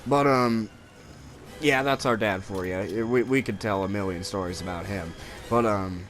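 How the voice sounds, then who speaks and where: A man's voice: lowish voice, unhurried, faint music behind. A young man casually telling stories while playing a video game, swearing a lot and rambling. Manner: profane, rambling, animated storytelling with raised voices for quotes. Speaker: co-host of a gaming video. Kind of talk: casual storytelling while gaming.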